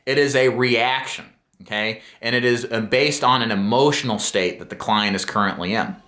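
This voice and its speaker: A middle-aged man coaching new sales agents, his voice bright and forward. He lays out points earnestly and with emphasis, checking in with listeners as he goes, in a roomy space with noticeable echo. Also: mid-range voice, normal speed. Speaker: insurance sales trainer. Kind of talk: instructional talk to camera.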